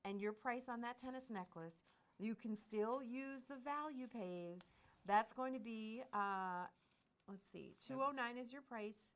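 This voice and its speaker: A woman hosting a live jewelry shopping show, enthusiastically pitching pieces and prices. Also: a little slow. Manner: bubbly, enthusiastic, gushes over pieces and prices.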